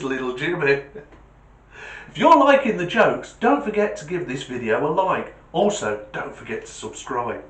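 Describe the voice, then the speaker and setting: A man with a British accent hosting a comedy channel, telling jokes as an animated storyteller who laughs at his own punchlines. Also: fairly high pitch, normal speed. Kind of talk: joke telling. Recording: roomy echo.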